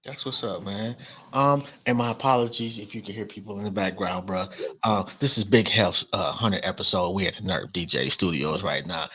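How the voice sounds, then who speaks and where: A man's voice: low-pitched, fairly even intonation, normal speed, bright, forceful tone, breathy edge. A middle-aged man hosting a casual podcast, laid-back and slangy, with bursts of laughter. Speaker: podcast host.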